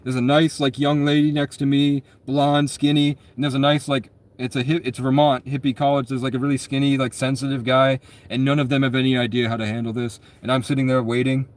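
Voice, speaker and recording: A man's voice: medium pitch, level tone, a little fast, hardly any pauses. Man, twenties, casual storyteller; rambling, profane delivery, constant self-corrections. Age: 20s.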